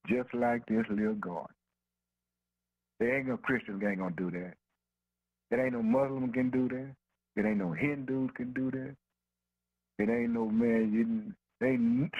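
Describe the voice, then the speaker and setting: A man with a mid-range, slightly breathy voice preaches a sermon in a rhythmic, emphatic style, asking himself "what?" and then answering. He speaks in informal dialect, saying things like "ain't no" and slipping "man" and "boy" between phrases. The recording is muffled, with no room sound.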